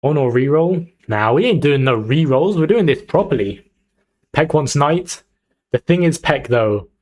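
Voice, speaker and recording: A man's voice: a little high, animated, measured pace, darkish tone. A young man streaming live, chatting casually and hyping up his viewers as he picks a team. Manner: chatty, hyped, talks to chat. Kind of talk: casual livestream chat.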